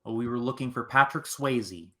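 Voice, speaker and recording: A quizmaster man with a crisp, bright tone at an ordinary pitch. He reads the rules and questions plainly and counts down for the contestants in the manner of a game show host. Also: moderate pace.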